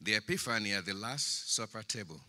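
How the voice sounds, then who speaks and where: A male pastor preaching a sermon, swinging from quiet, drawn-out words to loud, emphatic lines. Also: fairly low pitch, animated. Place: church sanctuary. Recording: church hall with long reverb.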